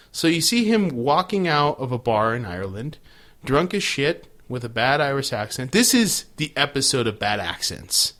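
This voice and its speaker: A man's voice: mid-range voice, fairly bright tone. Joking man recapping a show. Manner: joking, crude, recaps episodes with running commentary. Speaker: podcast co-host. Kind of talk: casual chat.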